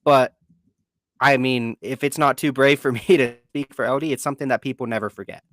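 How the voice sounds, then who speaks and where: A man's voice: medium pitch, fairly even intonation, fairly quick, a bit bright, dry recording. Earnest male podcast co-host, dry sound. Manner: earnest, heartfelt, repeats words for emphasis. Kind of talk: casual live podcast talk.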